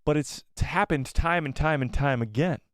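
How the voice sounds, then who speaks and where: A man hosting a live fan show, chatting casually, reading donation messages and reacting with animated repeats. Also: a little high, moderate pace, no room sound, clean studio sound. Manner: animated, exclaiming, repeats himself.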